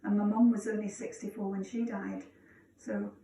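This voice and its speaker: A woman's voice: medium pitch, moderate pace. A Scottish retired teacher in her sixties speaking earnestly in an interview. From Scotland. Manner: plain, earnest, even. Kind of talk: reflective interview. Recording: echoey, distant, faint background noise.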